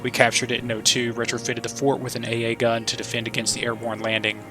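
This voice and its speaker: A man voicing a frail, bitter old soldier in his sixties, delivering a grim, haunted monologue in a flat voice. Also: mid-range voice, quick pace, music in the background, close to an everyday voice, poor audio. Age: 60s.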